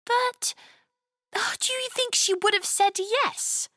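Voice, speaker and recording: A woman's voice: very high-pitched, takes it slowly, sharp tone, no echo, clean studio sound, voice pushed up, heavily acted. A woman reading aloud, voicing an earnest young girl who stumbles as she starts to speak. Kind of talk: storybook reading.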